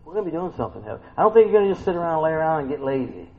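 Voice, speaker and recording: A male preacher with a lively, swooping delivery that drops to near-whispers and then leaps into loud, high cries. His voice sits a little high for a man. The recording is slightly muffled, with faint room noise underneath. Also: very fast. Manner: swings from hushed to shouting bursts. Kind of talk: sermon.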